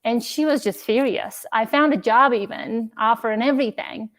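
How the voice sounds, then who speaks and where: A woman's voice: on the high side, normal speed. A young woman from Uzbekistan, a podcast guest telling her story in a casual interview and emotionally acting out her family's words. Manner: emotional, acts out family dialogue.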